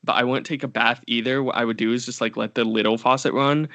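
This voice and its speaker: A man's voice: medium pitch, steady tone, quick pace, bright, forceful tone, no echo. A young man co-hosting a podcast, telling a long story in casual chat with lots of fillers and restarts. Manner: rambling, many fillers and restarts. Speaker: podcast co-host.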